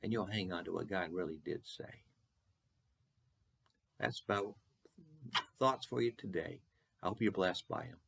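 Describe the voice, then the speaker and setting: A man from Texas giving a short devotional sermon, earnest, with slow, repeated questions for emphasis. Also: low voice, creaky, fairly bright tone, breathy edge. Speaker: preacher.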